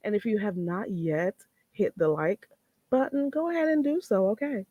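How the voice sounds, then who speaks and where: A woman's voice: medium pitch, normal speed, highs cut off, faint music behind. A woman hosting a casual livestream, recapping drama with blunt, profane commentary and frequent laughter at her own story. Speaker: livestream host.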